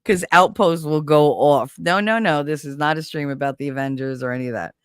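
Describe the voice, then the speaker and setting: A woman's voice: sits low, fairly quick, smooth, dry recording, studio quality. A woman hosting a casual stream, telling stories playfully and acting out quoted voices. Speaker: streamer host. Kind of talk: casual chat.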